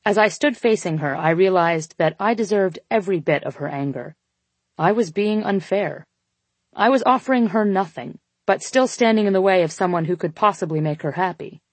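A woman reading a first-person audiobook in steady, measured scripted narration. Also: fairly low pitch, no room sound.

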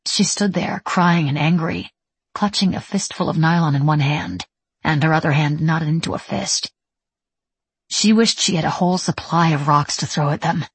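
A woman narrating an audiobook in a steady, even storytelling manner. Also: deep voice, moderate pace, husky, no room sound. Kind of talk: scripted narration.

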